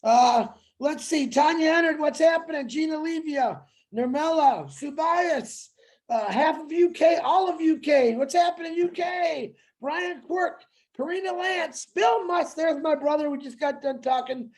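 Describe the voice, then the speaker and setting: A man co-hosting a livestream, excitable and joking, bursting into shouts. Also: extremely high pitch, measured pace. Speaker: co-host. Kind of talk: hyped livestream chat.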